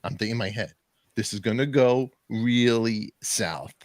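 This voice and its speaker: In a dry recording, a man with a fairly low voice and normal speed hosts a podcast, relating a lengthy story in easygoing chat. He brings it to life by mimicking everyone's voices in the quoted bits.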